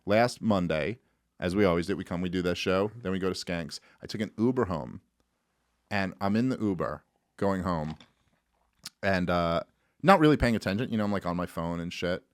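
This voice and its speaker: Animated swearing man telling a story. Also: low-pitched, normal speed, no echo, clean studio sound. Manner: animated storyteller, swears freely, acts out his own panic. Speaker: podcast co-host. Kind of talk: casual podcast chat.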